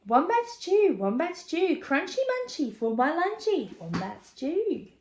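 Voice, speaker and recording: A woman's voice: high-pitched, wildly swooping pitch, takes it slowly, echoey room, pitched above the performer's own voice, heavily acted. A woman voicing a cunning male dingo cook, sing-song and gleeful.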